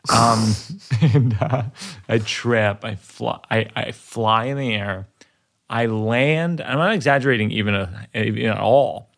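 A man's voice: on the low side, measured pace, vocal fry, a bit bright. A man in his forties, a stand-up comedian, telling a rambling, self-deprecating story in casual chat while working through jokes. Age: 40s.

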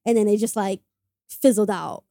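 A woman's voice: medium pitch, normal speed, creaky, warm tone, no echo, studio quality. A young woman telling a story in a casual podcast conversation, acting out quoted dialogue and swearing freely. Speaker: guest telling how she met her partner.

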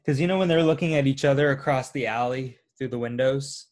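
A man's voice: mid-range voice, a little fast, a little mellow. A man co-hosting a casual film review chat, laid-back with dry quips. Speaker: podcast co-host.

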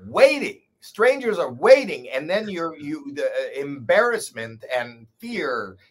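A man in his sixties, a guest comedian telling a story in casual chat, animated, swearing and poking fun at himself. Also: a little high, takes it slowly. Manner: animated, profane, self-deprecating.

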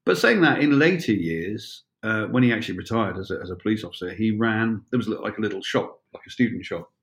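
A man's voice: on the low side, lively intonation, brisk, fairly bright tone. A man in his sixties, a former police officer telling wry, rambling stories with many fillers and restarts. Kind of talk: anecdotal storytelling.

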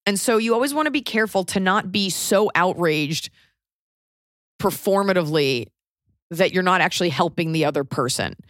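A woman in her thirties chats on a podcast, blunt and wry, slipping into little acted-out voices when she quotes people. Her voice sits a bit low, and the sound is dry and close. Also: animated, moderate pace, no echo. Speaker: podcast co-host. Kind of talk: casual chat.

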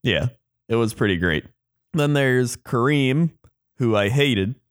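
A man's voice: mid-range voice, animated, takes it slowly. A man co-hosting a podcast in laid-back casual chat, agreeable and easygoing. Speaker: podcast co-host.

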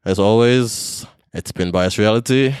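Podcast host, man, deep smooth voice, casual delivery, dry close mic. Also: unhurried, no echo. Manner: relaxed, conversational, lots of "you know". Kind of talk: casual chat.

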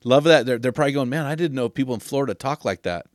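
A man's voice: mid-range voice, lively intonation, no echo, clean studio sound. A man from Oregon hosting a podcast, upbeat and joking, introducing a guest in casual chat. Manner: upbeat, jokey, quick asides. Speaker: podcast host.

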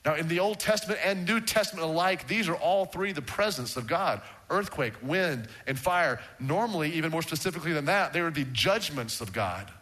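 A man preaching a sermon to a congregation, swinging from raised emphatic lines to hushed low words. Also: lively intonation, brisk, hardly any pauses. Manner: rises in pitch for emphasis, drops to a hushed low tone. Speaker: pastor. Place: church sanctuary with congregation. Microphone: handheld or stand microphone.

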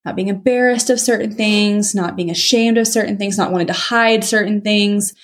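A woman's voice: medium pitch, fairly even intonation, normal speed. A woman in her thirties, a guest on a podcast, talking candidly and reflectively about self-acceptance and her children. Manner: candid, reflective, laughs through tender moments. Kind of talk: casual interview chat. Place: her home, in person.

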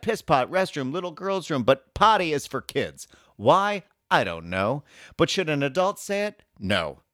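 A man's voice: medium pitch, a bit bright, no room sound, clean studio sound. A man co-hosting a comedy advice podcast, reading letters aloud with a sardonic edge.

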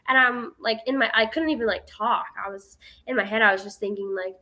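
A woman's voice: a little high, fairly even intonation, fairly quick, sharp tone. An eighteen-year-old woman telling a story as a guest in a casual interview, chatty and filling her speech with "like".

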